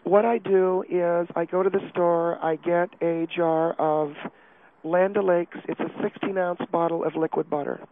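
A prim, distraught middle-aged wife, put on by a man, pours out a self-pitying confession in a halting, breathless voice. Her voice sits high and comes through a thin, phone-like line. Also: fairly even intonation, a little hiss or hum. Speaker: caller.

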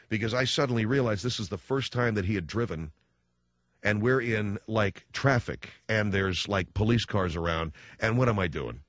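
A male talk radio host spins a sarcastic, animated story before taking calls. His voice is close and dry, with a slightly dull broadcast sound. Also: lowish voice, dry recording. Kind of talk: talk radio monologue and call-in.

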